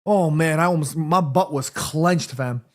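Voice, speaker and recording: A man streaming a football watchalong, calling the play live and chatting to his viewers in an excitable, slangy way. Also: fairly high pitch, unhurried. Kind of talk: live play-by-play commentary and chat.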